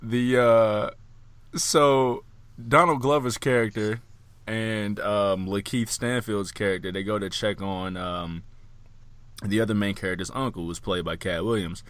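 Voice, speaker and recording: Animated, swearing male podcast co-host. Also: on the low side, a little slow, clean tone, no room sound. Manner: animated storyteller, laughs loudly, swears freely. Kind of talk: casual chat.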